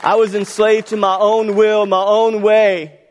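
A slightly high-voiced man preaches to a congregation, his words ringing with long reverb through a church sanctuary. He moves between quiet, slow phrases and loud, pushing ones. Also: flat delivery. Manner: dynamic preaching, swinging between soft and loud. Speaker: pastor. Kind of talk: sermon.

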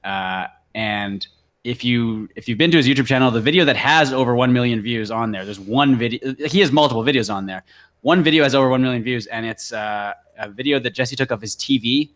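A Canadian man co-hosting a podcast in loose, casual chat. He rambles through his stories and chuckles along the way, in a mid-pitched everyday voice. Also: fairly quick, fairly bright tone. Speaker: podcast co-host.

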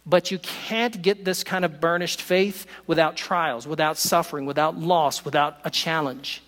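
A male pastor preaching a sermon, slowing down and lifting his voice for emphasis. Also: on the high side. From not from West Virginia. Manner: expressive preaching, slows for emphasis. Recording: long hall reverb.

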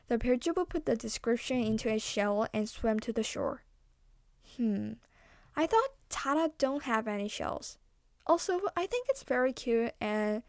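A woman's voice: on the high side, no room sound, studio quality. Chatty young woman telling a folktale. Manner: chatty, self-interrupting, playful. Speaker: storyteller. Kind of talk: casual storytelling with asides.

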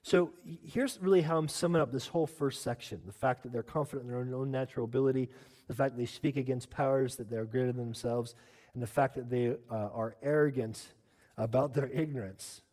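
A man preaching a sermon as pastor, emphatic, often urging "listen" and climbing to loud peaks. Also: mid-range voice, brisk, in a large hall.

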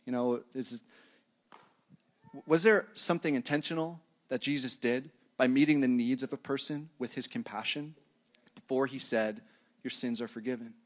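A man, a pastor, preaching a sermon in a relaxed, conversational way and chuckling at his own tangents. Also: medium pitch, moderate pace.

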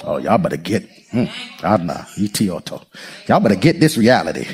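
Low-pitched and brisk, this pastor delivers a lively, playful sermon, frequently laughing and addressing his congregation head-on.

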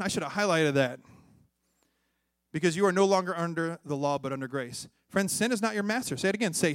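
A man, a pastor preaching a sermon with call-and-response, moving between loud exhortation and hushed tones. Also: on the high side, expressive, moderate pace, no room sound, clean studio sound. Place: church.

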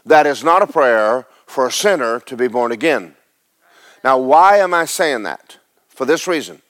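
A man's voice: medium pitch, big pitch swings, a little slow, a bit bright. A man delivers a sermon in an everyday, conversational voice. He reads scripture aloud and then explains it, asking questions and repeating words for emphasis. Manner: conversational preaching with repetitions and rhetorical questions. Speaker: preacher.

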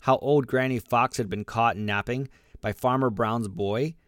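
A man narrating a children's storybook aloud, lively and expressive, giving the animals their own voices. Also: medium pitch, a little slow, no echo, studio quality. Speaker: audiobook narrator.

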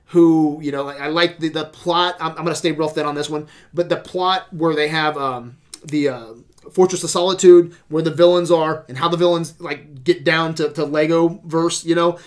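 Animated swearing man ranting. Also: on the high side, normal speed. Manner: animated, swears a lot, exasperated. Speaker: podcast host reviewing movies. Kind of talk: casual profane movie rant.

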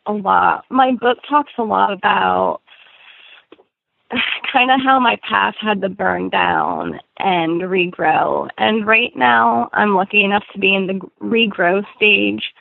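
Breathless woman in her 20s chatting on a podcast, lots of vocal fry, kinda muffled audio. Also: mid-range voice, takes it slowly, no echo. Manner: chatty, laughs often, restarts. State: short of breath. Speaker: guest author. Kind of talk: casual podcast interview. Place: home in Florida. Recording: dull lo-fi audio.

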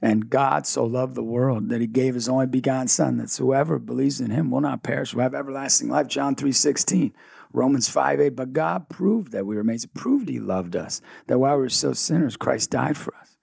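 A man tells his story with energy and a gravelly edge, jumping in and out of quoted dialogue. His pitch sits in a middle range. The recording is dry and close, with no room sound. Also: no echo. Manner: energetic, fast-shifting, acts out dialogue. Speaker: guest, ministry founder. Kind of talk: animated storytelling interview.

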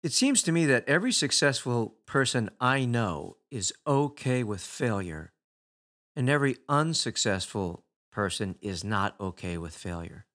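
A man speaking at a middle, unremarkable pitch in a reflective motivational talk. He keeps it conversational and leans on rhetorical questions to draw the listener in. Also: lively intonation, measured pace, fairly bright tone.

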